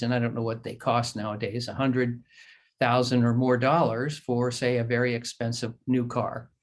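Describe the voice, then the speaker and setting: Man giving emphatic patient education. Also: medium pitch. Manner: repeats points emphatically, tells folksy stories. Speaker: surgeon explaining diet to patients. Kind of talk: patient education talk over a shared screen.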